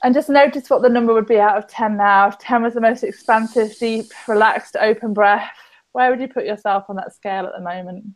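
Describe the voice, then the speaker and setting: A woman, an EFT practitioner on a podcast, guiding listeners gently and patiently through a tapping exercise. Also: fairly high pitch, fairly quick. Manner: gentle, instructive, inviting.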